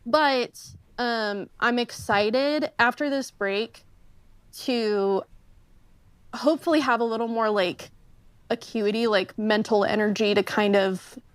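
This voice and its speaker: A woman's voice: fairly high pitch, slow pace, clear, resonant tone, dry recording. A woman chatting on a role-play podcast, hesitant, with many fillers and restarts. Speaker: tabletop role-play player. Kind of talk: casual podcast chat.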